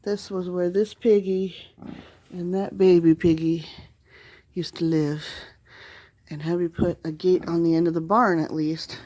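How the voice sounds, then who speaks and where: A woman's voice: on the low side, flat delivery, dark tone, no echo, poor audio. A woman vlogging outdoors on a flooded farm, chatting to the camera and jokingly grumbling at her animals. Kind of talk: casual vlog narration. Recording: outdoor noise, running creek water. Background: rushing water.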